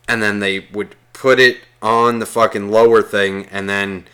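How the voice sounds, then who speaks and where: A man with a bright, forceful voice tells a rambling story in casual chat. He swears constantly and slips into the voices of the people he quotes. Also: lowish voice, little pitch movement, measured pace, clean tone. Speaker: guest telling a story.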